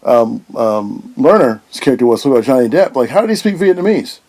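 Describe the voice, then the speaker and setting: A man co-hosting a casual film discussion, talking fast in a warm, mellow voice. He often stammers and restarts his sentences as the thoughts pour out. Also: medium pitch, sing-song. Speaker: podcast co-host.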